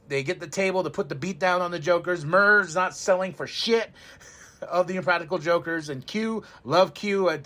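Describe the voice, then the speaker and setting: Hyped podcast guy rambling about wrestling, kinda high voice, cracks up a lot, swears casually. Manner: excitable, rambling, laughs often, swears freely. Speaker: podcast host. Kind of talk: casual wrestling show review.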